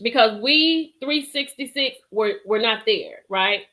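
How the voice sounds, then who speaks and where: A woman's voice: sits high, unhurried. A woman hosting a live stream show, chatting with viewers, laughing and reading their comments. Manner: animated, laughs often, chatty Southern-style slang.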